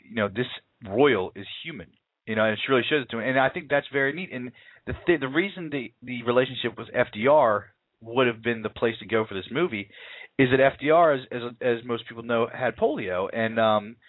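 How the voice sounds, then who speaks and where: A man's voice: mid-range voice, dry recording. A man talking casually about a film he saw, rambling with many fillers and restarts. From United States. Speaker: film reviewer. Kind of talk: casual film review chat. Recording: tinny phone-like line.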